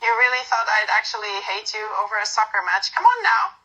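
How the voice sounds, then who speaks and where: A woman's voice: medium pitch, very animated, brisk, bright, forceful tone, poor audio. A woman voicing a protective, playful female best friend who keeps calling the listener sweetheart, read from a fan role-play script. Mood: teasing. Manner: affectionate teasing, calls everyone sweetheart.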